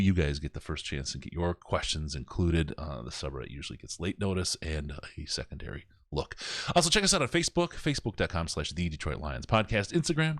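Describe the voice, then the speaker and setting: Deep-voiced man hosting a live podcast. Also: no room sound, clean studio sound. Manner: loose, joking, rambling plugs with fillers. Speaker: podcast host. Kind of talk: casual live podcast sign-off with plugs.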